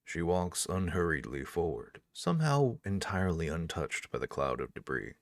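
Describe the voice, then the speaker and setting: Deep gravelly male storyteller. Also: very animated, normal speed, dry recording, clean studio sound. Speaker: audiobook narrator. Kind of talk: scripted narration of an interactive fantasy novel.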